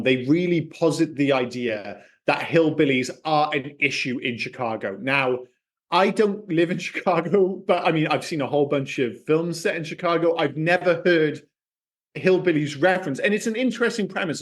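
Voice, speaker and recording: A man co-hosting a podcast, chatting casually about a film with lively swearing and acted-out quips. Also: a little high. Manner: animated, swears freely, acts out quips. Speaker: podcast co-host. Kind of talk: casual film review chat.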